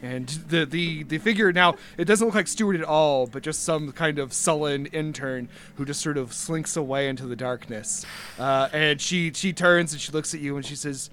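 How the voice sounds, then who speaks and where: A man's voice: fairly high pitch, normal speed, fairly bright tone, slight background noise. A man narrating as game master in a tabletop role-playing game, rambling with lots of fillers. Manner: rambling, full of uh and like, breaks into laughter.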